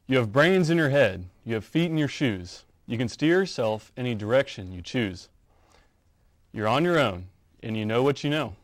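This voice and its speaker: Brief: young college athlete reading kids' verse, upbeat, mid pitch, dry close sound. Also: male voice, expressive, normal speed, no room sound. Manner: bright upbeat rhyming delivery. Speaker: college baseball player. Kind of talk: children's read-aloud.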